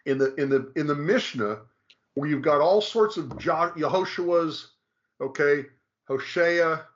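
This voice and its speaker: A man lays out a point in a lecturing way, often stopping to say "okay" and restarting his words. His voice sits somewhat high for a man. The recording sounds dull and lo-fi. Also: unhurried. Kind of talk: casual explanatory talk.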